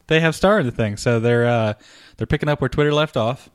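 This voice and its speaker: A man's voice: mid-range voice, a little fast, clear, resonant tone, dry recording, clean studio sound. A man co-hosting a podcast, chatting casually with a teasing, joking manner. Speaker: podcast co-host. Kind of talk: casual chat.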